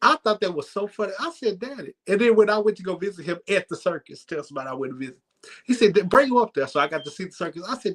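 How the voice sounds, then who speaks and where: A man hosting a church comedy night, telling a story in a lively, laughing way. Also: sits high, very fast. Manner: animated, laughs while telling. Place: church sanctuary.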